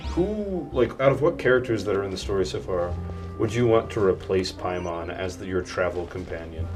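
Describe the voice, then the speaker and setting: A man's voice: low-pitched, lively intonation, brisk, recorded from a distance. A young man casually commenting on a video game as he plays, goofy and rambling. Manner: goofy, rambling, loud outbursts, says "dude" and "like". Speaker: gaming streamer. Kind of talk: casual let's play commentary. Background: game music.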